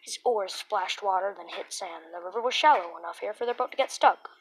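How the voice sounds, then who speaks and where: A woman reading a children's horror book aloud, with dramatic, expressive storytelling and the occasional restart. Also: medium pitch, a little fast, slightly rough, low-quality recording. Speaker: narrator.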